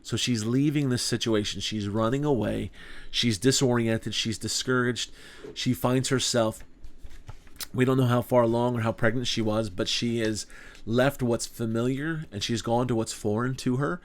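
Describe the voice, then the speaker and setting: A man's voice: mid-range voice, steady tone, normal speed. A man teaching a small group Bible study in an earnest, conversational way, asking rhetorical questions.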